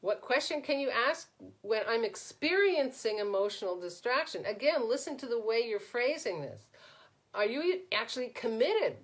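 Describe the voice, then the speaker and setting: A woman's voice: fairly high pitch, very animated, moderate pace. A woman coach hosting a live question-and-answer session, reading viewers' comments aloud and answering them in a conversational way, often tagging "right?" onto her points. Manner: conversational, frequently adds "right?". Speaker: coach and podcast host.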